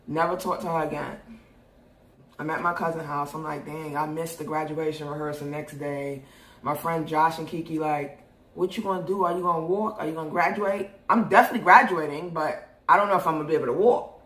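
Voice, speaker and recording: Animated, cussing young New woman. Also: low voice, brisk. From New York. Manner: animated, profane, laughs often. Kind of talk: casual storytelling. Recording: roomy echo.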